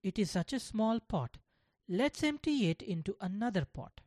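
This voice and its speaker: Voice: mid-range voice, animated, moderate pace, darkish tone, dry recording, studio quality, pitched above the performer's own voice, lightly acted. A storyteller voicing the teacher's wife, raised and wondering, in a children's storybook. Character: teacher's wife, surprised and gentle.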